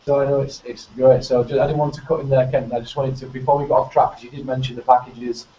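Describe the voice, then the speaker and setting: A man with a Northern English accent hosts a casual group chat, talking eagerly and circling back on himself. His voice is soft and warm, and it sounds roomy and far from the mic. Faint background noise sits under a dull, muffled recording. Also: medium pitch, flat delivery, quick pace. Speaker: host.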